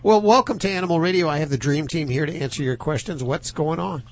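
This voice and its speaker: A man's voice: a little high, fast. A man hosting a radio talk show, upbeat as he takes callers. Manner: lively, upbeat, takes calls.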